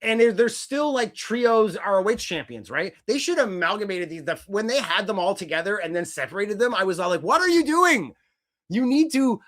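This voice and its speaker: A man co-hosting a casual wrestling podcast, rambling and animated, swearing casually as he talks. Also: high voice, brisk, hardly any pauses. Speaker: podcast co-host.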